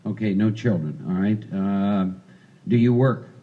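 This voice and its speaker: A man's voice: fairly low pitch, unhurried, phone-quality sound. A man leading a recovery workshop, talking casually and coaching volunteers through a role-play. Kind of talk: interactive recovery workshop talk.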